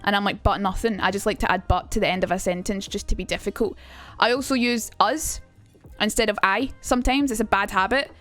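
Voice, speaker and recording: A woman's voice: medium pitch, steady tone, brisk, fairly bright tone, soft background music. A young Scottish woman streaming a casual chat about accents, chatty and sweary, reading out messages from chat. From Scotland. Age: young adult.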